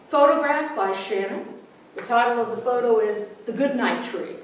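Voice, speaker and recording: A woman minister gives a warm, chatty, casual sermon, mixing readings with a funny story and laughing at her own jokes. Her fairly high voice moves at a moderate pace with hardly any pauses. Recorded from far off in a very echoey hall with a congregation, there is a little hiss or hum.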